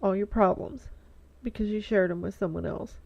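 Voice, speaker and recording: A woman's voice: medium pitch, fairly even intonation, moderate pace, vocal fry, a little mellow, no room sound. A middle-aged woman vlogging in a casual heartfelt monologue, rambling with lots of fillers, stuffy-nosed and teary. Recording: dull lo-fi dry sound.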